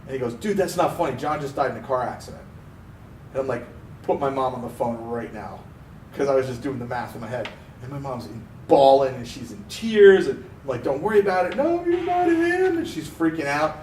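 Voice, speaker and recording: A man from Pennsylvania, co-hosting a car podcast, telling a story in a casual, animated way and acting out the voices he quotes. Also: mid-range voice, a little fast. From Pennsylvania, USA. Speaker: podcast co-host. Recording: roomy, distant mic with faint noise.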